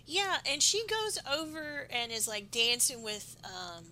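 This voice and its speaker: High, bright-voiced woman co-host. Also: a little hiss or hum, low-quality recording. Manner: quick agreeing interjections, animated reactions. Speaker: podcast co-host. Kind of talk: casual recap chat.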